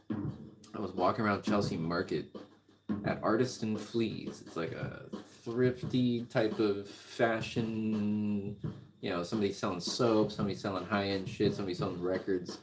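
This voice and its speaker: A man's voice: fairly low pitch, a little mellow. A man talking in a casual, rambling monologue, riffing and swearing freely. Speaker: music vlogger. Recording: clicking background noise.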